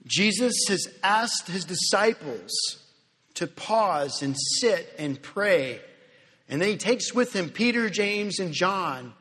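A man preaching a sermon in earnest, swinging from loud emphasis to hushed, slow phrases. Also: high-pitched, sing-song, breathy edge. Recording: long hall reverb.

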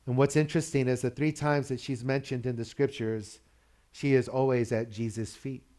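A man's voice: medium pitch, steady tone, moderate pace, mellow. A man preaching a sermon in a loose, conversational way, asking the congregation questions and chuckling between points. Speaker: pastor.

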